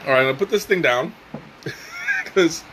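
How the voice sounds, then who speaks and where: Guy doing a chill tea tasting stream, kinda high voice, lots of ums and restarts. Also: lively intonation, moderate pace, bright, forceful tone, slight background noise, poor audio. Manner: hesitant, many fillers and restarts, chuckles often. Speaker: tea reviewer. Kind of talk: casual live tea tasting.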